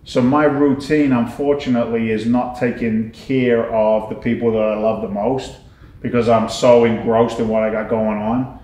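A middle-aged man in a casual interview, an animated, slangy storyteller. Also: medium pitch, moderate pace. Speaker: guest, business owner. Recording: echoey room.

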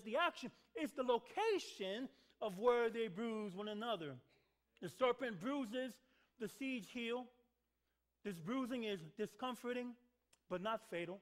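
A pastor preaches a sermon in a church sanctuary, his voice extremely high in pitch and a little bright. He calls out to the congregation for responses and repeats words for emphasis.

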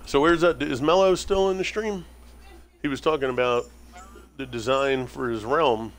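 A man's voice: medium pitch, fairly even intonation, normal speed, slight background noise. An American man streaming a building game live, chatting casually with his viewers and friends and laughing often. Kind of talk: casual chat while gaming.

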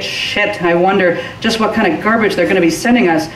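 A woman's voice: lowish voice, fairly even intonation, a little fast, few pauses. A woman giving a live reading of a short story, rolling expressively through long rhythmic lists. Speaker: reader. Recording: roomy and distant from the mic, faint hiss.

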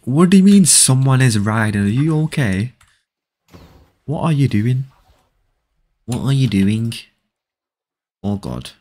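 A man with a medium-pitched voice talks slowly, with long pauses, while streaming a game live. He chats casually with viewers, gets excitable, and often repeats phrases as he reads their messages aloud.

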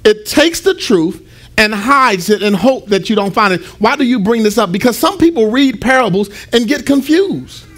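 High-voiced animated preaching man. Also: moderate pace. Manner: animated, acts out dialogue in the story. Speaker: pastor. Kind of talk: storytelling sermon.

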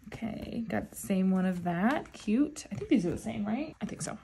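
A woman vlogger unboxing albums in a casual chat, gushing and often gasping with excitement. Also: medium pitch, moderate pace, creaky, few pauses, background noise. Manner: gushing, with frequent excited gasps.

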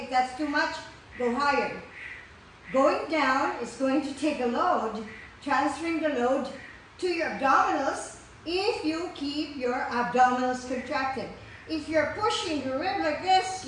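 Woman fitness instructor, high voice, slow deliberate cues, echoey room, heard from off-mic. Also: a bit bright, recorded from a distance, slight background noise. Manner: counts breaths, cheers with whoops. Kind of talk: guided core workout class.

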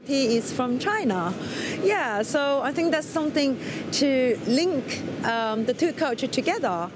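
Female interviewee, high sing-song voice, slow, heavy background noise. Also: animated. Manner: bubbly, delighted. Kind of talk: casual street interview.

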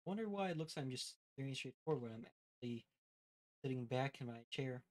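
In a dry recording, a man with a mid-range voice and a Midwestern American accent talks a little fast to his live chat, relaxed and addressing viewers directly as he rambles a bit.

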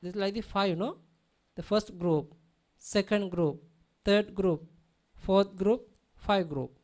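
A woman's voice: mid-range voice, slow pace, a little mellow. A woman teaching a language lesson, patiently repeating example words and checking that her students understand. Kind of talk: classroom lesson.

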